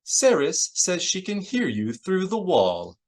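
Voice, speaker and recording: A man putting on a prissy, high-pitched protocol droid. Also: huge pitch swings, slow, exaggerated voice. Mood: formal. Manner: polite, formal, fretful. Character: fussy, prim male protocol droid.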